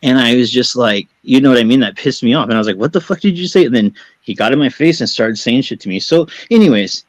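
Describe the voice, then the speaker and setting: A man's voice: medium pitch, fast talker, hardly any pauses, dry recording, rough recording. Agitated, swearing man on a dry mic. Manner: agitated, defensive, heavily profane, rambling. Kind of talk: heated live-stream talk.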